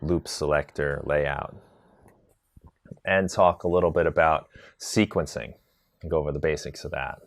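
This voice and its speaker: A man teaching a live tutorial on drum sequencing, chatty and relaxed, answering viewer questions as he demonstrates. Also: very deep voice, moderate pace, pauses often, no echo. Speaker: music production instructor.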